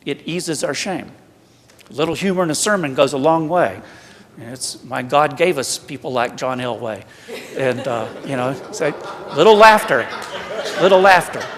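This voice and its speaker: Southern American priest preaching with humor. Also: male voice, medium pitch, moderate pace. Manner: humorous, self-deprecating preaching. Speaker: priest giving a retreat talk. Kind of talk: conversational sermon. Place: church. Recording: long church hall reverb.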